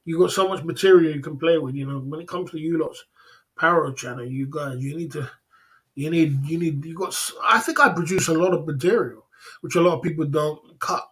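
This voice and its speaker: Man, livestream host, casual teasing banter, rambly, slightly high voice. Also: fairly quick, fairly bright tone.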